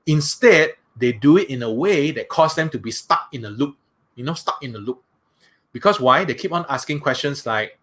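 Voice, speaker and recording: A man with a Malaysian English accent speaks in a mid-range, fairly bright voice, animated and a little fast. He's a motivational speaker giving a conversational seminar talk, often putting questions to the audience.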